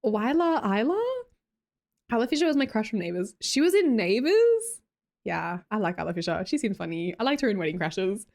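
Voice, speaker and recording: A woman's voice: medium pitch, lively intonation, brisk, creaky, a little mellow. Chatty Australian woman streaming. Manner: chatty, laughs often, reads chat comments aloud. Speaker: livestream host. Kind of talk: casual chat reading viewer messages.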